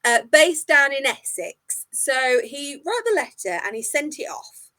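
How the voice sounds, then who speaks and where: A woman's voice: sits high, very animated, a little slow, sharp tone. A woman tour guide telling a history story in a jokey, self-mocking casual chat, a little tipsy. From England.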